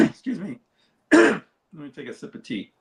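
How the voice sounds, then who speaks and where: A man co-hosting a casual livestream, telling a story in a relaxed way. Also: high voice, a little slow, gravelly. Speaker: co-host.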